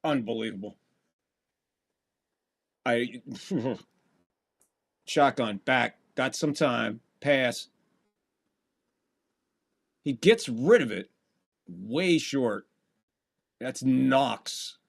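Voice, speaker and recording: A man's voice: mid-range voice, animated, very slow, vocal fry, long pauses. A man doing casual live football play-by-play on a podcast stream, calling plays and ranting with frequent swearing. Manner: profane, exasperated rants between play calls. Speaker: podcast host doing live game commentary. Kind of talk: casual live sports commentary.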